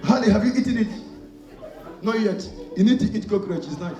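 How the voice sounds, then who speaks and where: A man with a high voice leads a call-and-response sermon, getting the crowd to fill in words, and he speaks fairly quickly with lively intonation. He acts out little scenes, so his volume swings between loud and soft. He sounds far from the mic in a very echoey hall with faint music in the background.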